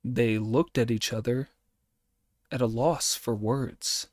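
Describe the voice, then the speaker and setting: Male audiobook narrator, slow and expressive, dry close mic. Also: mid-range voice, dry recording. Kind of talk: audiobook reading.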